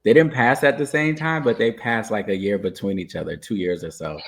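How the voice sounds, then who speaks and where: A man hosting a podcast in relaxed, chatty conversation who laughs easily. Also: low-pitched, moderate pace. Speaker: podcast host. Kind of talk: casual conversation.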